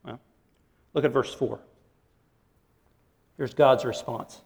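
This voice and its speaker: A man preaching a sermon as pastor, animated, acting out quotes and laughing often. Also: medium pitch, takes it slowly, creaky. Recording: long hall reverb.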